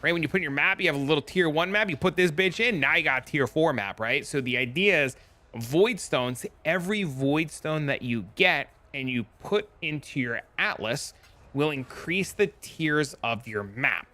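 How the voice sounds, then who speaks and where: A man's voice: on the high side, expressive, moderate pace, sharp tone. A young man streaming a game, explaining it in a rambling, joking, profane way. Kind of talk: casual livestream chat.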